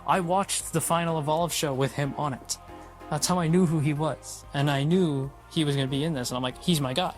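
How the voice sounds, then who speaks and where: A man's voice: fairly high pitch, steady tone, brisk, soft background music. Blunt, swearing male wrestling reviewer. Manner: blunt, profane, opinionated. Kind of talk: casual recap vlog.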